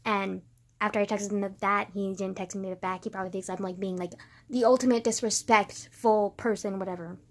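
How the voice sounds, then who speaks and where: A grieving woman in a casual confessional vlog, rambling with many filler words and swinging from quiet, subdued talk to loud emotional bursts. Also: mid-range voice, fairly even intonation, fairly quick. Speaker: vlogger.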